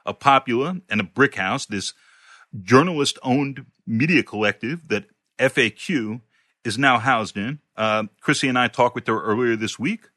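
A man hosting a podcast in a casual, friendly way, slightly halting and using fillers. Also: medium pitch, sharp tone, dry recording, studio quality. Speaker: podcast host.

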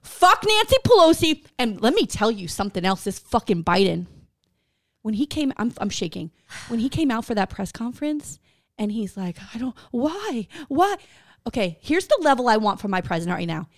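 A woman's voice: mid-range voice, very animated, brisk. A woman podcast co-host ranting angrily in casual chat, swearing constantly.

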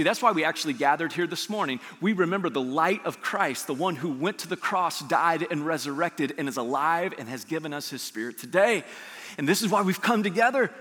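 A man preaching a sermon as a pastor, animated and rising to near-shouts on key lines. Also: high-pitched. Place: church sanctuary. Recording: long hall reverb.

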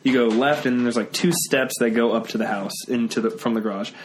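A man's voice: mid-range voice, steady tone, fast, slight background noise. A young man in his twenties casually telling a story, rambling with many fillers. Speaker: podcast guest.

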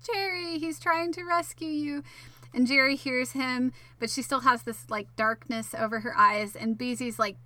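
A woman's voice: fairly high pitch, bright, forceful tone. A woman giving a casual episode recap, full of fillers, wry asides and the odd swear word. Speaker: show recapper.

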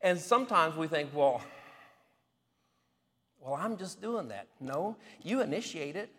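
High-voiced pastor telling a story. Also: male voice, measured pace, in a large hall. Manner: lively storyteller who chuckles often. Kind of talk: testimony-style sermon storytelling.

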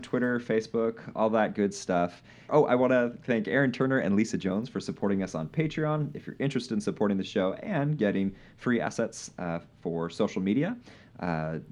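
A relaxed man hosts a live podcast with a fairly low voice. He chats loosely with his guests, laughs easily and leans on "uh" while he thinks. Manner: easygoing, laughs often, many "uh" fillers. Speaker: podcast host. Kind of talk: casual live podcast chat.

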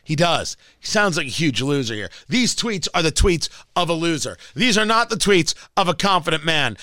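A man's voice: high-pitched, bright, forceful tone, no echo, clean studio sound. A male radio talk show host delivering an opinionated political monologue, combative and sarcastic, hammering points through repetition.

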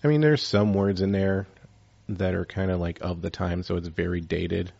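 A man's voice: low-pitched, steady tone, moderate pace, vocal fry, darkish tone, slightly rough, lo-fi sound. A man hosting a casual chat, rambling with lots of fillers.

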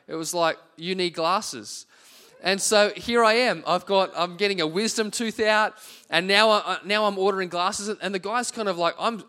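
Aussie guy in his 40s preaching, pretty high voice, chatty storytelling sermon. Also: fairly bright tone, clean tone. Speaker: pastor.

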